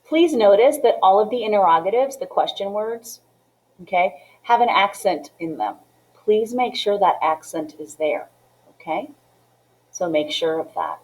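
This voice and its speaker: A woman's voice: medium pitch, big pitch swings, unhurried, darkish tone, low-quality recording. A woman teaching a Spanish lesson, explaining step by step and often checking in with "okay?" and "right?". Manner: mixes English with Spanish phrases. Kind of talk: classroom lesson walkthrough.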